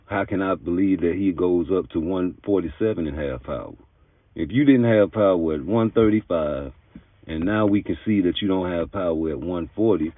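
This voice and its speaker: Deep, low man, emphatic boxing commentator, thin phone-line audio. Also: no room sound. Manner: emphatic, argumentative, street-talking. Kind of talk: opinionated commentary monologue. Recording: tinny phone-like dry sound.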